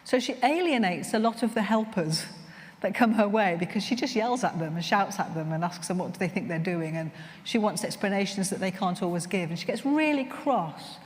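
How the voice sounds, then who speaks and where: A woman chaplain giving a conference talk, reflective and gentle, telling personal stories to fellow chaplains. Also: medium pitch, animated, fairly quick. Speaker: chaplain trainer. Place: conference hall. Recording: long reverb in a large hall.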